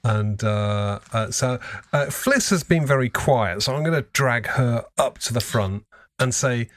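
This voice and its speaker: A man hosting a podcast in casual chat, hesitant with many fillers and quick to laugh. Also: mid-range voice, expressive, a bit bright, no echo. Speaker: podcast host.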